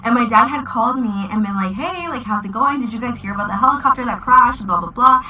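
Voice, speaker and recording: A woman's voice: fairly high pitch, expressive, quick pace, bright, forceful tone, far from the mic, slight background noise, rough recording. A woman in her twenties telling a casual storytime vlog, chatty and full of "like" fillers. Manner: chatty, many "like" fillers, giggly. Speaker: vlogger.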